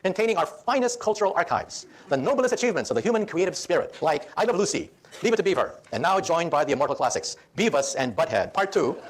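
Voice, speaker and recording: Animated, fast-talking man lecturing. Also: high-pitched. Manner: animated, joking storyteller. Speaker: physicist giving a public lecture. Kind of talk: humorous public lecture.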